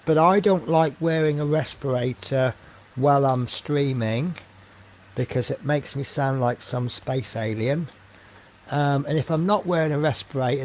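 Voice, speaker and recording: A slow-talking man chats on a live stream while painting miniatures, rambling and thinking aloud with plenty of ums. His voice sits a touch high for a man, and a faint hum of room ambience runs behind him. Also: darkish tone.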